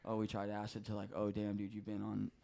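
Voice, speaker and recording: A man's voice: lowish voice, completely flat delivery, quick pace, vocal fry, mellow. A man talking as a podcast guest, telling personal stories in a rambling, heartfelt way, swearing a lot and restarting his sentences often. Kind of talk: casual emotional storytelling.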